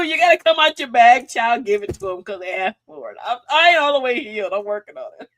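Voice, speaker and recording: A woman's voice: a little high, dry recording. A woman hosting a live advice show, sassy and preachy, who laughs often and calls her listeners sis and queen. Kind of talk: livestream advice talk.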